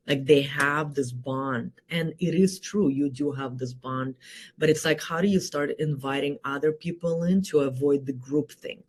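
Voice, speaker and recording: A woman hosting a solo leadership talk, energetic and rhetorical, often tagging her points with a quick question. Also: low-pitched, husky. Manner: energetic, rhetorical, keeps asking "right?". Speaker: host and leadership coach.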